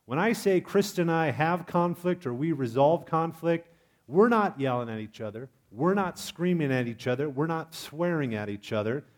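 A man preaching a sermon in a lively, humorous way, asking his congregation questions. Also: a little high, normal speed. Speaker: pastor.

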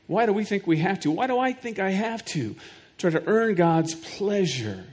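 Earnest preacher with a higher voice. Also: male voice, very animated, moderate pace, a little mellow. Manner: earnest, repeats words while building points; speaks directly to the congregation with questions. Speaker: pastor. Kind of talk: sermon.

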